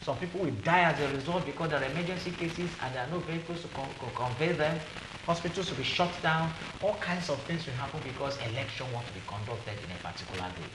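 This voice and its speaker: A man's voice: on the high side, fast talker. A man with a Nigerian accent, a guest on a TV panel, who speaks indignantly and asks rhetorical questions. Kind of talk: TV panel discussion. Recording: echoey room with background noise.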